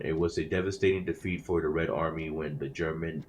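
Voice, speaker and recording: A man's voice: rumbling low, fairly even intonation, brisk, darkish tone, a little hiss or hum. A man playing a game, reading in-game newspapers aloud with casual comments, often stumbling over words and correcting himself mid-sentence. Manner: self-conscious about reading aloud. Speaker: gamer playing a game on his channel.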